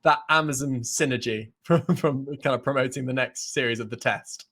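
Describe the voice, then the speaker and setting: A man's voice: medium pitch, normal speed, fairly bright tone. Chatty man guesting on a cricket podcast. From half English, half South African. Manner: chatty, laughs often, self-correcting. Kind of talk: casual cricket chat.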